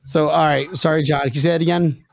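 A fairly high-voiced man hosts a podcast over a video call, rambling from one story to the next. He jokes loosely and swears casually, with a gravelly fry running through his voice. The sound is dry, with no room around it. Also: fairly even intonation, fast, no echo. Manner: rambling, joking and profane. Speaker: podcast host. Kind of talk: casual chat.

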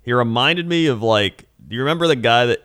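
Male co-host, relaxed storyteller, animated delivery. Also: medium pitch, a little fast, no echo, clean studio sound. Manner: laid-back, laughs often, acts out people in stories. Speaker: podcast co-host. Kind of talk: casual chat, storytelling.

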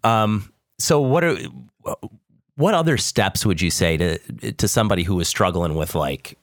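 Deep voiced podcast host guy, reflective, slow thinking out loud. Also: expressive, dry recording, studio quality. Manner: reflective, thoughtful questions. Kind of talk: conversational interview.

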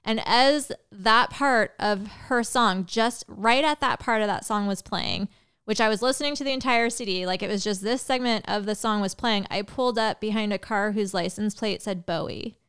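A woman guest in a casual podcast chat, rambling and animated, full of "like" fillers. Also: medium pitch, clear, resonant tone. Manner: rambling, heavy use of "like" fillers; animated, quick bursts of excitement.

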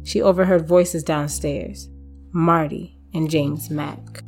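Low-voiced woman reading a horror story. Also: steady tone, takes it slowly, darkish tone. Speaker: narrator. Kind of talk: scripted narration. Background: faint music.

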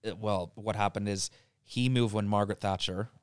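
A man, a comedian chatting as a guest on a podcast in an animated, storytelling way. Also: moderate pace, clear, resonant tone, dry recording, studio quality. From Canada. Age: late 20s. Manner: animated storyteller, breaks into loud high impressions. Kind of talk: casual podcast chat.

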